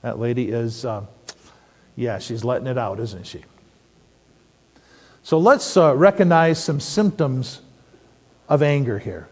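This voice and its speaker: A middle-aged man preaching a sermon, telling stories and asking the audience questions in an animated way. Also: medium pitch, takes it slowly, long pauses. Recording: long hall reverb.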